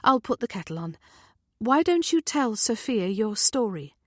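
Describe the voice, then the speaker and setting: A woman reading the part of a gentle, caring mother, speaking patiently and kindly. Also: fairly high pitch, big pitch swings, normal speed, dry recording, clean studio sound, pitched above the performer's own voice.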